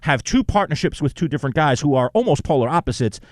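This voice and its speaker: A man's voice: a little high, fast talker, no echo. A man hosting a radio sports talk show, chatting casually and telling stories with a self-mocking streak. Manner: animated, self-mocking storyteller.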